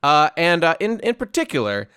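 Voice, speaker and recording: A man hosting a casual podcast chat, quick and jokey with a mock-snobbish edge. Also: fairly high pitch, sing-song, bright, forceful tone, clean tone, no echo. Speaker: host.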